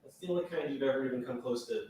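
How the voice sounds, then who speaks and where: A man's voice: medium pitch, racing, a little mellow. A man bantering casually with the host in a dry, teasing way. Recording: echoey room with faint noise.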